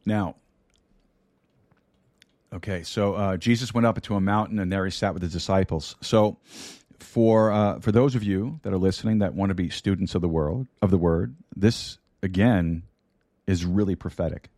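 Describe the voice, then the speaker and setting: A man's voice: deep voice, normal speed, a little mellow, no echo. A man preaching a sermon into a studio microphone, repeating key lines and dropping in light humor. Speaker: pastor. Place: broadcast studio.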